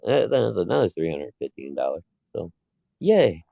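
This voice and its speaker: Low-voiced man on a tinny line. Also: very animated, fast, vocal fry, no room sound. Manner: laid-back, chuckling storyteller. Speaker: podcast co-host. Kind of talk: casual chat.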